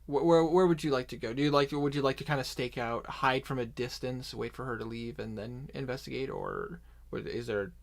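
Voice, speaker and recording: A man's voice: mid-range voice, sing-song, vocal fry. A man narrating as dungeon master in an online tabletop game, taking his time and often restarting his sentences. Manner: unhurried narration with many restarts and asides.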